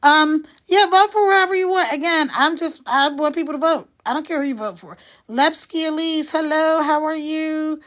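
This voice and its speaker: A high-pitched woman in her sixties talks casually to her live-stream viewers. She is frank and chatty, greeting people by name and answering their comments directly. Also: steady tone, moderate pace, a bit bright. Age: 60s.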